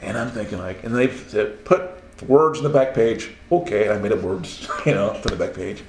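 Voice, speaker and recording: With a lowish voice at a moderate pace, this self-published Christian author laughs his way through a story, animatedly performing the voices he heard as he chats casually. Roomy echo and faint background noise are present.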